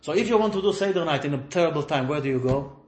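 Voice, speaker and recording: A man's voice: a little high, expressive, fast talker, darkish tone, echoey room. A man leading an informal religious class, telling stories and acting out the dialogue with bursts of laughter. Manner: storytelling, acts out dialogue with laughing outbursts. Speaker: rabbi teaching a class.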